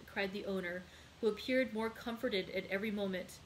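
A woman reading a classic novel aloud at a measured pace. Her voice sits at a middle pitch, with a faint hiss in the background. She sometimes trips over names and corrects herself. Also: rough recording. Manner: measured, with small slips and self-corrections on names. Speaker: librarian hosting a read-aloud.

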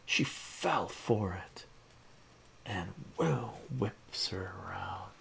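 A man's voice: sits low, expressive, drawn-out words, gravelly, slight background noise. A man casually narrating a comic book aloud in a chatty, amused way. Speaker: comic book reader, streamer.

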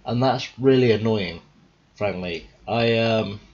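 A tired young man thinking out loud in a rambling, casual commentary as he plays a game. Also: fairly low pitch, takes it slowly, muffled recording. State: tired, yawning. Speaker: gaming video host. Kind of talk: casual let's-play commentary.

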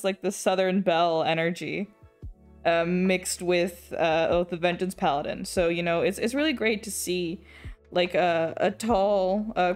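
Chatting as she draws on an art stream, a young woman with an English accent and a fairly low voice rambles and restarts her sentences. She laughs often and swears now and then.

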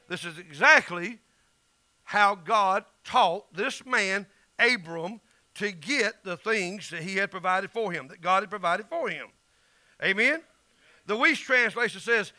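A man's voice: high voice, animated, unhurried, bright, forceful tone, dry recording. A middle-aged man with a Southern US accent, preaching an emphatic, folksy sermon as pastor.

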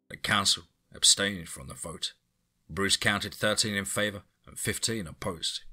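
A man narrating a horror story in a steady, even storytelling manner. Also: fairly low pitch, unhurried. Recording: faint music bed.

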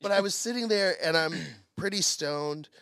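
A man's voice: sits high, moderate pace, dry recording. A man hosting a comedy podcast, telling a story in a casual way and acting out what others said. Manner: animated storyteller, acts out quotes.

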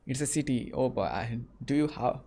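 A man's voice: medium pitch, moderate pace, dark tone. Young man, Indian accent, friendly, chatty, video chat with strangers, lots of mm-hmms. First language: not English.

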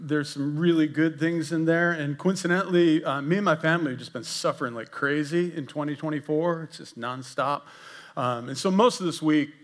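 Man, church pastor, chatty sermon with jokes and asides to the crowd, bright tone, slightly high voice. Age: older. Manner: jokey, self-deprecating, animated with asides to the congregation. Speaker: executive pastor. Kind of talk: conversational sermon. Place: church sanctuary.

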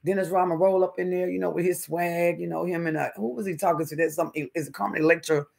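A middle-aged man, chatting casually with viewers on his livestream and telling animated stories. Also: high-pitched, quick pace, gravelly. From North Carolina, US. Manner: animated storyteller, calls viewers honey and baby. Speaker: livestream host. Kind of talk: casual live-stream chat with viewers.

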